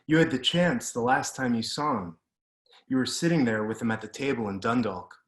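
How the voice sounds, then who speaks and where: A man with a mid-range voice reads his own prose like an author at a literary reading, keeping a steady, deliberate pace. It sounds like a video call, with the room adding a clear, roomy echo.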